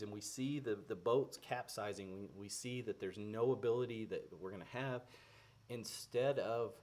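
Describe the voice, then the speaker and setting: A man's voice: on the low side, darkish tone. Earnest man giving a casual devotional. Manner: earnest, conversational, frequent fillers and restarts. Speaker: Christian devotional speaker.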